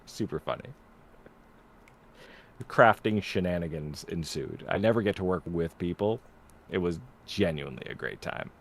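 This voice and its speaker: A man's voice: low-pitched, moderate pace, creaky, pauses often. A man from New England, with only a faint trace of that accent, telling stories and answering questions in a casual livestream chat. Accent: faint New England, mostly neutral. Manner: animated storyteller, acts out quotes. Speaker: host.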